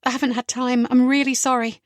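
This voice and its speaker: A woman's voice: high voice, flat delivery, a little fast, no room sound, clean studio sound, natural voice. A woman voicing a forthright, spirited businesswoman. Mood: brisk.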